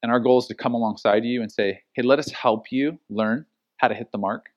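A middle-aged man preaching a sermon as pastor, telling stories and acting out the quotes with lively energy. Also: medium pitch, fairly quick, dull audio. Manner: animated storytelling with acted-out quotes.

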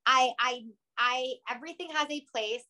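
A woman's voice: high voice, normal speed, bright, forceful tone. A woman co-hosting a casual TV recap chat, blunt and opinionated, stressing her points with emphasis. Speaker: podcast co-host.

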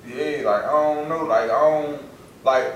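A man chatting casually on a podcast, blunt and lively, often trailing off into filler phrases. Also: on the high side, a little slow, far from the mic, lo-fi sound. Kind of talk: casual chat. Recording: echoey room, voice from off-mic, faint noise.

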